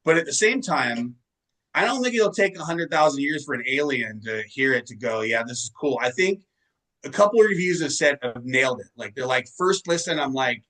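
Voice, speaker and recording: Man, musician guest, rambling casual storytelling, bright forceful tone, swears a lot. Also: on the high side, big pitch swings, fairly quick, low-quality recording. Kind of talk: casual interview chat.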